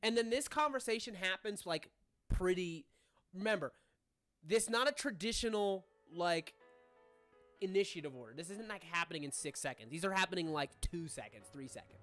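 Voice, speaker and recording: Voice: medium pitch, lively intonation, normal speed, fairly bright tone, soft background music. A game master narrating a tabletop murder mystery, rambling with many fillers.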